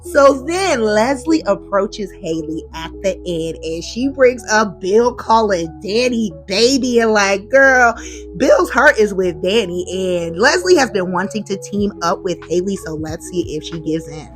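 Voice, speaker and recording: A woman recapping a daytime soap in a casual, gossipy vlog, full of excited asides. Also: mid-range voice, a little slow, soft background music. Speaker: soap opera recap host.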